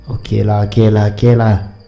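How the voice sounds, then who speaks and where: A man's voice: lowish voice, little pitch movement, brisk, vocal fry, mellow, faint music behind. A man voicing a carefree young friend who brushes off fear, in a casual, dismissive way.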